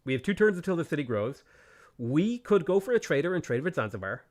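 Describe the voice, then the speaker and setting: A man's voice: on the high side, sing-song, quick pace. A man streaming a strategy game, thinking aloud about his moves, thanking viewers and laughing often. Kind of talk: casual live-stream commentary.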